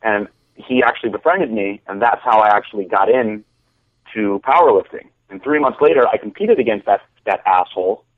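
A man's voice: on the low side, fairly quick, no room sound. Man telling stories over a phone-like line. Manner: rambling, repeats words when starting sentences. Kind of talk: casual storytelling chat. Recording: dry, phone-like call audio.

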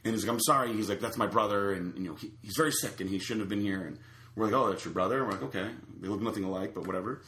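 Racing along in a fairly low voice, a man rambles through a lengthy, animated story in casual chat, restarting often and using many fillers. The sound is reverberant.

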